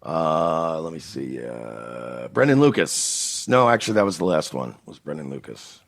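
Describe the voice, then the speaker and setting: A man's voice: extremely low pitch, lively intonation, unhurried, dry recording, studio quality. A man co-hosting a podcast in laid-back casual chat, mostly agreeing. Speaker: podcast co-host.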